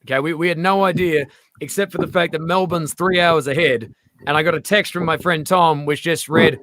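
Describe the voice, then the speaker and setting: A man's voice: a little high, steady tone, a little fast, a bit bright. An Australian man, a guest, in casual chat, joking, swearing and telling stories.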